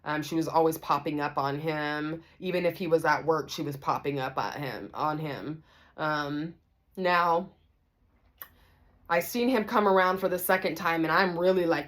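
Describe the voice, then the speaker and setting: A woman vlogger telling a story to the camera, casual and animated, acting out the voices of the people in it. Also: low voice, normal speed. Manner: animated, acts out everyone's voices.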